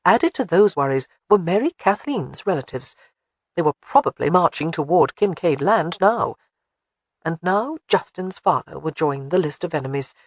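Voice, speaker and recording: An audiobook narrator reading a historical romance, expressive storytelling at a close studio mic. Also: mid-range voice, moderate pace, no echo. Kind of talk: scripted narration.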